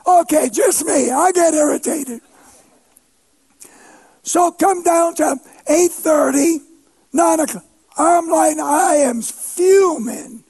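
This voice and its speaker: A man with a strikingly high voice preaches a sermon through a story. He is animated and funny, and often swells into shouts to drive a point home. He pokes fun at himself as he goes. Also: slow, pauses often. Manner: animated, shouts for emphasis, playful self-mocking humor.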